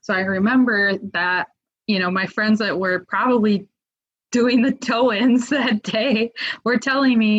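A woman telling a story in a casual, lively way, with lots of fillers, acting out what people said. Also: medium pitch, a little slow, slightly rough. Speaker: guest. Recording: muffled lo-fi audio.

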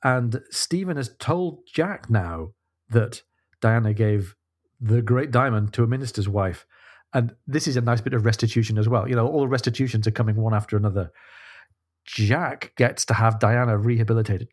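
A man co-hosting a casual book discussion podcast, reading passages aloud with feeling between halting restarts. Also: medium pitch, darkish tone. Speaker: podcast co-host.

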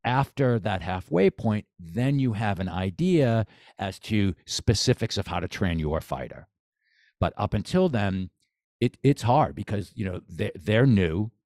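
A boxing coach, guesting on a podcast, talks a little slowly in an expressive, lowish, somewhat mellow voice. His casual chat is enthusiastic and meandering with restarts, recorded cleanly in a studio with no room sound.

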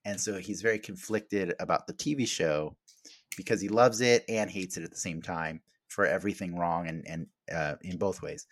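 A man's voice: low voice, moderate pace, no room sound, studio quality. A man hosting a podcast, chatting casually and rambling, with many fillers and restarts. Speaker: podcast host.

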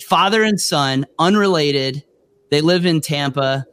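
A man hosts a casual talk show interview, slightly high-pitched. He is chatty and quick to joke, and often pokes fun at himself in his stories. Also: fairly bright tone, smooth. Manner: chatty, joking, self-deprecating storyteller. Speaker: radio show host.

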